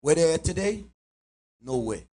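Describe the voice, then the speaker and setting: A man's voice: fairly high pitch, very animated, normal speed, mellow. A man chiming in during a sermon with rhetorical questions.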